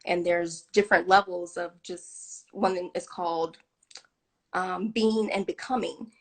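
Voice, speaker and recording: A woman's voice: lowish voice, fairly even intonation, slow pace. A woman in her thirties, a guest chatting on a video call, with lots of ums and frequent laughs. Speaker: interview guest. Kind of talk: casual video-call interview.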